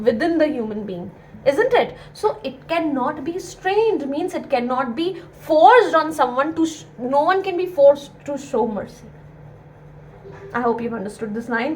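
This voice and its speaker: High-voiced woman teaching. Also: rough recording. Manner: earnest, repeats key points with many fillers. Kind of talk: explaining a play to students.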